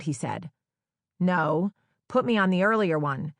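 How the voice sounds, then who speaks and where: A woman's voice: lowish voice, expressive, measured pace, no room sound. A woman from New Jersey narrating her own memoir audiobook in a wry, conversational storytelling manner with playful quoted dialogue, recorded on a close studio microphone. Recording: dry, close studio sound.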